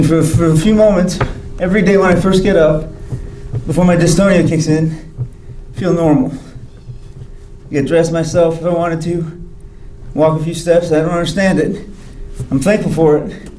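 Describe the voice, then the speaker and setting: A man's voice: a little high, dark tone, a little hiss or hum. Wry man telling his story in an echoey hall. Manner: candid, wry storytelling with quoted dialogue. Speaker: physician speaker. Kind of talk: grand rounds talk. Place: hospital lecture hall.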